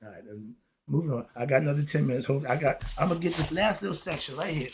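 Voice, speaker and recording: A man lecturing about spirituality, asking and answering his own questions, with quiet asides and loud excited bursts. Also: a little high, fast talker, a little hiss or hum. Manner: preachy, talks straight at the audience, asks and answers his own questions. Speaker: host.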